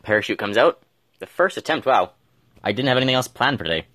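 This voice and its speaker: A man's voice: mid-range voice, animated, fast talker, bright, forceful tone, no echo. A man giving casual gameplay commentary, thinking aloud and mumbling with fillers as he plays at home. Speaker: gameplay streamer.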